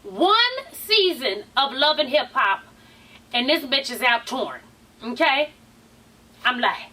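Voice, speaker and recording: Sassy high-voiced woman gossiping. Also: sing-song, takes it slowly, pauses often, bright, forceful tone. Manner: sassy, chatty, swears freely, calls viewers honey and child. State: tired. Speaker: vlogger recapping a reality show. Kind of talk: casual gossip recap. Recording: voice somewhat far from the mic.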